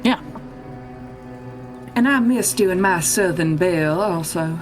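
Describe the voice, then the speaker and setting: A woman co-hosting a podcast, chatting playfully and teasing in quick bursts. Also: fairly low pitch, soft background music. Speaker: podcast co-host. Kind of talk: casual chat.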